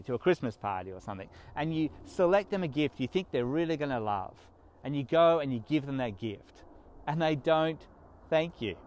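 A man's voice: mid-range voice, darkish tone. A man giving a sermon, speaking earnestly and pushing up on his key words. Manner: earnest, emphatic preaching with rising stresses. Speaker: pastor.

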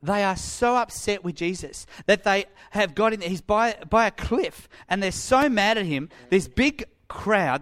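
A man preaching a sermon in the manner of an animated storyteller. His voice sits slightly high, rising loud for drama and dropping to a hush for reflection. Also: measured pace. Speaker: pastor.

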